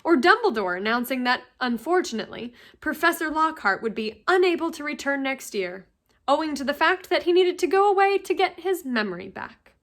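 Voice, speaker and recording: A woman teacher reads a novel aloud with a steady, expressive storytelling delivery. Her voice sits high for a woman, and she keeps an even, engaging flow from line to line. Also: fairly quick.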